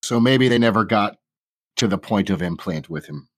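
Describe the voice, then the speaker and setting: A man in his forties playing a tabletop game, measured and a little halting. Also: on the low side, lively intonation, dry recording. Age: 40s. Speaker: player.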